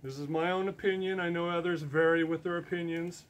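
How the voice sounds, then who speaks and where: A man's voice: on the high side, steady tone, fairly quick. A man giving a talk to an audience, earnest and emphatic, repeating words for stress. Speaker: presenter.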